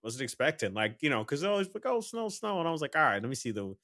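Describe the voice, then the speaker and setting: A man co-hosting a podcast in relaxed casual chat, swearing and trailing off. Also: mid-range voice, racing, no echo, studio quality. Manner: laid-back, profane, trails off. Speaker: podcast co-host.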